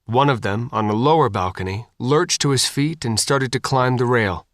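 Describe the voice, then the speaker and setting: A man narrating an audiobook in an expressive, animated reading. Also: mid-range voice, moderate pace, dry recording, clean studio sound.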